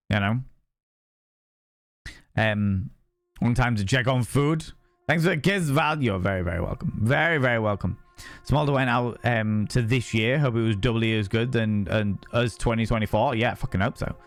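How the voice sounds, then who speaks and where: A young man streams and chats casually, reading his chat, drifting between topics, swearing freely and greeting viewers by name. His mid-range voice moves at a moderate pace with no room sound and faint music in the background.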